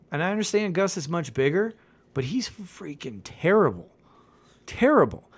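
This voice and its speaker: A man hosting a casual podcast, ranting in an animated way with swearing and laughter. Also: fairly high pitch. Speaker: podcast host. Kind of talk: casual fantasy football podcast chat. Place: home in the mountains.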